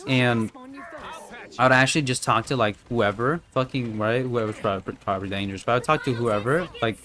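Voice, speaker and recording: A man's voice: mid-range voice, a bit bright. Rambling, profane young man streaming games. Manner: rambling, profane, full of "right?" and "you know". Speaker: game streamer. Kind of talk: casual chat while gaming on stream. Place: at home.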